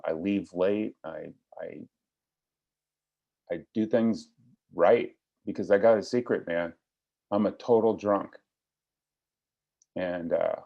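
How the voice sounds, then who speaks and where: A man's voice: low-pitched, gravelly, a little mellow. A middle-aged man telling his personal recovery story to a meeting, in a wry, self-deprecating, joking way. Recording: slightly lo-fi recording.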